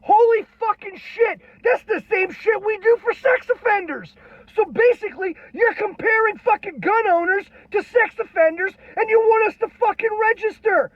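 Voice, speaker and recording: Brief: furious veteran ranter, strained very high voice, constant swearing, dull lo-fi recording. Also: male voice, moderate pace, no room sound. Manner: irate, heavily profane, shouting. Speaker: military veteran ranting on video. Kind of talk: angry political rant. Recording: dull lo-fi, dry sound.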